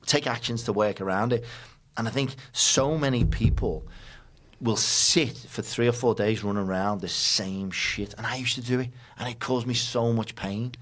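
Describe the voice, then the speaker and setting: A man's voice: medium pitch, moderate pace, fairly bright tone, slight background noise. A man hosting a podcast in casual conversation, blunt and emphatic, swearing freely. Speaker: podcast host.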